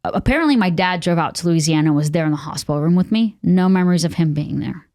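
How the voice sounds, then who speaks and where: A woman's voice: on the low side, lively intonation, quick pace, mellow, dry recording, clean studio sound. A young adult woman from Texas, a podcast guest, telling a candid personal testimony with many fillers and acted-out quotes. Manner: earnest, candid, many fillers, acts out what people said.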